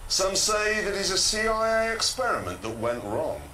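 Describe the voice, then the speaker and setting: A man's voice: high voice, sing-song, normal speed, pushed and bright, roomy sound, a little hiss or hum. Sardonic English man presenting. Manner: sardonic, mocking delivery. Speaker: TV motoring presenter. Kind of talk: scripted comic presenting.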